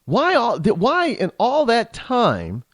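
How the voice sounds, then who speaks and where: Lively-pitched indignant talk radio man. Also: slow, no echo. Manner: rambling, restarts often, indignant rhetorical questions. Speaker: radio talk show host. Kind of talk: political talk radio monologue.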